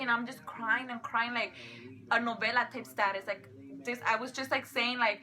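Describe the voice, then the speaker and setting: A young adult woman telling a funny story to her sister, animated and quick, full of filler likes. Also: a little high. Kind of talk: casual storytelling.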